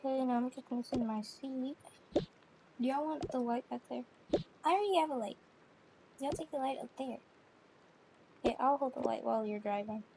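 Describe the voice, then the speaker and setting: High voiced woman playing pretend mom, bossy and chatty, lots of background hiss and clicks. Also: a little fast, gravelly, pauses often. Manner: chatty, bossy mother figure. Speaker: toy role-play narrator. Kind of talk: playful pretend play. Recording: noisy home recording with clicks.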